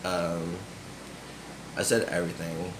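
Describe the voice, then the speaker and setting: A man's voice: deep voice, little pitch movement, slow, noisy background. A young man from Nevada in a casual, rambling monologue, full of fillers and frequent laughs. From grew up in Nevada. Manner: rambling, filler-heavy, giggly, laughs often.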